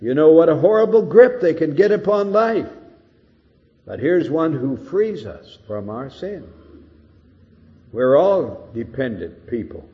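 A man's voice: fairly high pitch, sing-song, unhurried, long reverb tail. An older man preaching an earnest expository sermon, rising to emphatic peaks, on a dull old recording.

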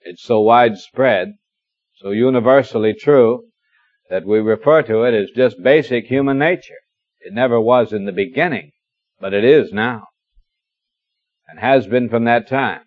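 A middle-aged man preaching an expository sermon, reading scripture slowly and explaining it with gentle humor. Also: mid-range voice, no room sound. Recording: dull lo-fi dry recording.

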